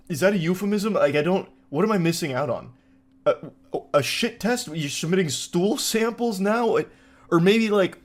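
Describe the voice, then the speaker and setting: A man's voice: high-pitched, animated, normal speed. A man hosting a comedic commentary video, reading forum posts aloud and riffing on them in a sarcastic, incredulous way with plenty of filler words.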